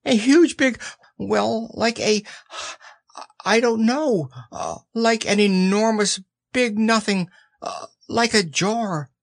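A man voicing a small timid young male piglet, squeaky, stammering and breathless with fright in an audiobook. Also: takes it slowly, gravelly, heavily acted. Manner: panicky, breathless. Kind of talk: audiobook character voice.

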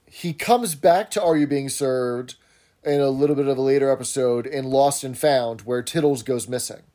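Mellow-voiced man recapping a sitcom. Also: medium pitch, normal speed. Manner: chatty, detailed, researched. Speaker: podcast co-host. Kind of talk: casual chat recapping a sitcom episode.

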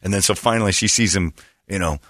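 A man from Indiana hosting a sports talk show, mocking and animated, slipping into put-on voices. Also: sits low, fast talker, dry recording, studio quality. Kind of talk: casual sports banter.

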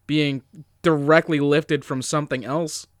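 Podcast cohost guy, dry teasing sarcasm, crisp voice, no room sound. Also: on the high side, steady tone, unhurried, no room sound. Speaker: podcast co-host. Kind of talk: casual podcast chat.

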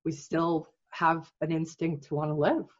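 Podcast host, soft and husky, gentle guiding delivery, dull lo-fi sound. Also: mid-range voice, little pitch movement. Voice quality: soft-spoken, slow and gentle when guiding. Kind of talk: casual chat turning to guided reflection.

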